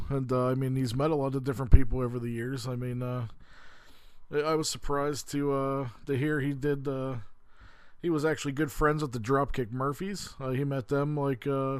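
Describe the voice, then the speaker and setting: A man's voice: mid-range voice, dry recording. Male host, easygoing and rambling, dry and close. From western Pennsylvania. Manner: rambling, many "uh" fillers, calls listeners "cats". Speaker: podcast host. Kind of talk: casual chat.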